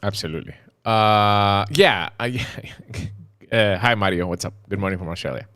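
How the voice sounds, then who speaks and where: A man co-hosting a casual live stream, reading viewer comments and ranting with lots of profanity, dropping to mutters and rising to shouts. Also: on the low side, normal speed, smooth, dry recording. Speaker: co-host of a live vaping talk stream.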